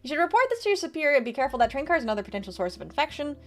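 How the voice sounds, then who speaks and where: A woman's voice: sits high, sing-song, racing, a bit bright, soft background music. A woman doing a stern militia officer.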